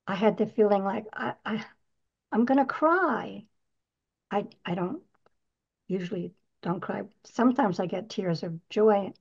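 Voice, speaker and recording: A woman's voice: medium pitch, a little mellow, breathy edge, lo-fi sound. A woman in her nineties giving an earnest, upbeat motivational talk on her podcast, asking the listener rhetorical questions. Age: 90s. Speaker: podcast host.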